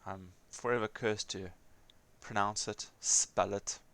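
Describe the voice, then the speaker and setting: A man's voice: fairly low pitch, steady tone, takes it slowly, gravelly, a bit bright. A man chatting casually while gaming, a rambling storyteller who chuckles often, with a non-American English accent. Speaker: gaming streamer.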